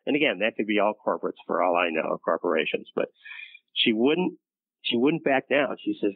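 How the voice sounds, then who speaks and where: Halting older man, tinny lo-fi sound. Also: lowish voice, animated, creaky, husky, no room sound. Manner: halting, many restarts, acts out quoted voices. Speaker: interview guest, former studio executive. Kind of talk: storytelling in a conversational interview. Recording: tinny phone-like dry sound.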